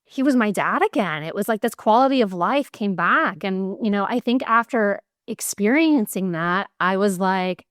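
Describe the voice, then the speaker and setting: Aussie woman hosting a podcast, smooth voice, swears casually, tells stories with lots of energy. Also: mid-range voice, normal speed, few pauses, no echo, studio quality. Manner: candid, swears casually, animated storytelling. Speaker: podcast host. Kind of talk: casual interview chat.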